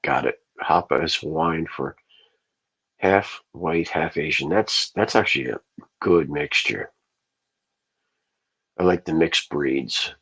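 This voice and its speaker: A man's voice: extremely low pitch, slow, long pauses, a bit bright, slightly rough. A man hosting a livestream, telling a long rambling story in casual, profane speech. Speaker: livestream host.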